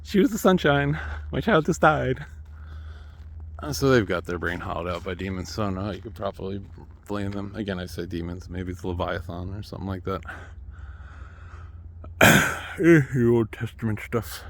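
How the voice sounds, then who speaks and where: A man's voice: low voice, moderate pace, fairly bright tone. A man talking to the camera at home in a rambling, restless solo monologue, with chuckling asides and remarks to his cat. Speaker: vlogger.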